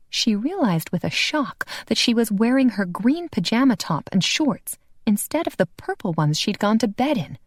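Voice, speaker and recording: A woman narrating a paranormal romance audiobook in an expressive, lively reading. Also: a little high, normal speed, hardly any pauses, no echo, studio quality. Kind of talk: scripted narration.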